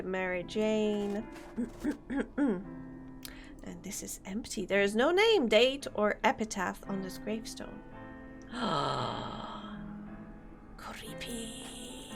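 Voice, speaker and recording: A woman's voice: mid-range voice, creaky. A woman casually commenting on a game as she plays, giggling and reacting aloud. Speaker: streamer.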